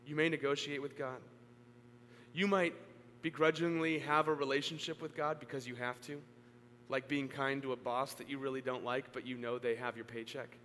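Earnest preacher in a reverberant hall. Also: male voice, level tone, fairly quick, fairly bright tone. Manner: earnest, building to emphatic peaks, then dropping low. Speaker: pastor. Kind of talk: sermon. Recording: long hall reverb, faint hum.

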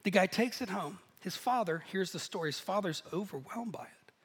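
A man preaching a sermon, telling stories in a lively, animated way and laughing at himself now and then. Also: sits high, fairly quick, slightly rough. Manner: storytelling, animated, self-deprecating laughs. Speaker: pastor. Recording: echoey hall.

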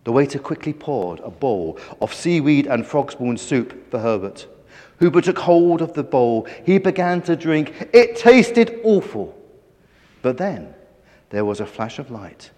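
A man reading a children's story aloud with animated, playful emphasis. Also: medium pitch, measured pace, in a large hall.

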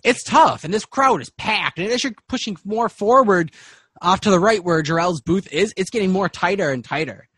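A man narrating as game master in a tabletop game, with casual, halting narration. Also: sits high, animated, fairly bright tone, husky, dry recording, studio quality.

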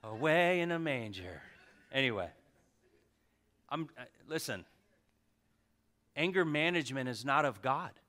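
A man preaching a sermon as pastor in a church, passionate and joking with the congregation, swinging from loud outbursts to hushed asides. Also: mid-range voice, lively intonation, a little slow, long pauses. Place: church sanctuary.

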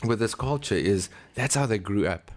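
A man's voice: on the low side, expressive, normal speed. A man from South Africa, a missionary pastor, telling ministry stories in an interview, with many ums and acted-out quotes. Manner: storytelling, acts out quoted voices, many ums. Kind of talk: conversational interview.

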